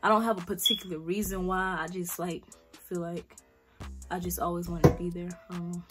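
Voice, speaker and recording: With music playing behind her, a vlogger in her late teens answers Q&A questions in a fairly quick, low voice that barely moves in pitch. She has a South Carolina accent and talks bluntly, using slang and swearing freely.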